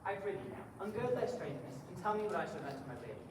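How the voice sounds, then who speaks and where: A teen actor as a mocking high-voiced jester. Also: male voice, big pitch swings, very fast. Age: late teens. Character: witty young male jester, mocking and playful. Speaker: student actor. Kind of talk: school stage play. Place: school stage. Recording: echoey hall from far off, audience noise.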